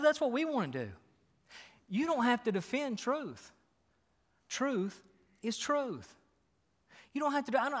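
A man's voice: high voice, fairly bright tone. A male pastor preaching a sermon in a church, emphatic and repetitive, firing rhetorical questions. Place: church sanctuary. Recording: long hall reverb.

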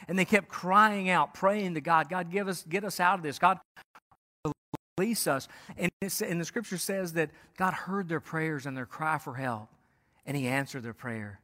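A man's voice: fairly high pitch, pushed and bright, big-room sound. A pastor preaching a conversational sermon, often restarting his words and checking in with "right?".

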